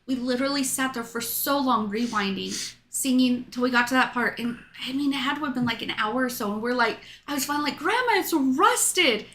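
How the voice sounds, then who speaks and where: A woman's voice: a little high, brisk, a bit bright, a little hiss or hum. A woman co-hosting a podcast, chatting casually, telling stories and giving frank opinions. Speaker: podcast co-host. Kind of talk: casual chat.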